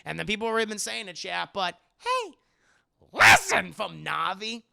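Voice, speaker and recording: A man chatting casually on a livestream, swearing freely and loudly imitating game lines. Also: high-pitched, quick pace, vocal fry, clean tone, dry recording, studio quality. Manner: profane, animated, quoting game lines in loud voices. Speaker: streamer answering viewer questions.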